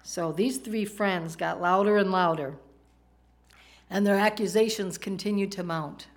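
This woman has a mid-range voice and a measured pace as she delivers a sermon. She talks with the congregation in a conversational way, asking them questions, using a microphone in a church with PowerPoint slides.

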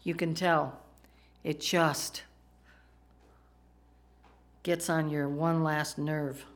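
A woman's voice: low voice, level tone, very slow. Woman preaching a conversational sermon. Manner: conversational, asks the congregation questions. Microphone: microphone, PowerPoint slides in a church.

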